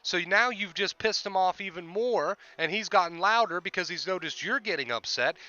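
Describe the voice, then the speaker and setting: A man's voice: high-pitched, moderate pace, bright, forceful tone, dry recording, lo-fi sound. A man hosting a livestream, explaining with repetition and emphasis in casual talk. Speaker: livestream host and life coach.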